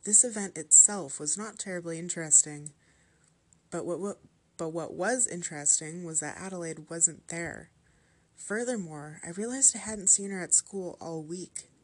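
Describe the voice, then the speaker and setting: Low-voiced woman reading a horror story. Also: moderate pace, husky. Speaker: story narrator.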